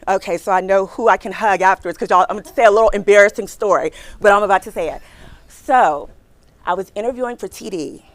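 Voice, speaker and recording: A woman in her forties gives a lively career talk to a live audience, chatty and animated as she speaks directly to the crowd. Her medium-pitched voice moves quickly, and she acts out her own reactions while telling a story.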